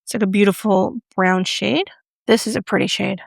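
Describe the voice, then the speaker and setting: Chatty woman with a gravelly, dry voice. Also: mid-range voice, steady tone, moderate pace, dry recording. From United States. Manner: chatty, self-deprecating, joking about her pronunciation. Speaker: beauty vlogger. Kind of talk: casual product review.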